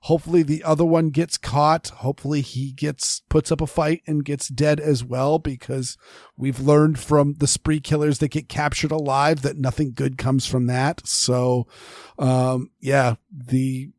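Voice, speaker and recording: A podcast co-host talks casually and rambles, restarting frequently and using lots of fillers. He has a medium pitch, a flat and slightly mellow delivery, and a slightly slow pace. The recording is studio quality with no room sound.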